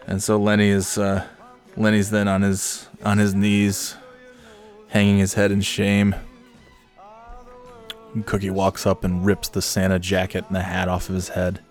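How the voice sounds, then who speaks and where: A man telling a comic story recap in a rambling, hesitant, deadpan way. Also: low-pitched, unhurried, pauses often, soft background music.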